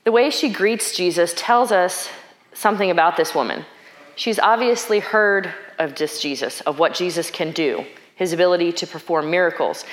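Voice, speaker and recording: A woman's voice: on the low side, roomy sound. A woman preaching a sermon in a reflective, conversational way, thinking aloud and asking questions.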